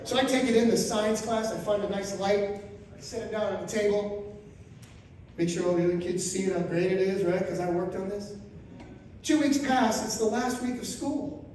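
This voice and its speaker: A man in his fifties from Florida doing a stand-up comedy set, telling crude stories with loud animated outbursts. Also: sits high, normal speed, slight background noise. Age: 50s. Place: RV resort event room, live audience. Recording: very echoey room, voice from far off.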